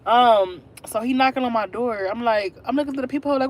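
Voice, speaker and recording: A woman's voice: a little high, a little fast, hardly any pauses. A woman in her twenties, chatting casually on a livestream and telling her viewers a story. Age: 20s. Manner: chatty, talks straight to viewers. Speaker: livestream host.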